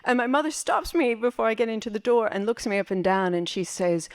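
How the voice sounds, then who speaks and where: A woman's voice: on the high side, brisk, hardly any pauses. A woman performing a personal story on stage, wry, vivid and theatrical. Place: library auditorium stage.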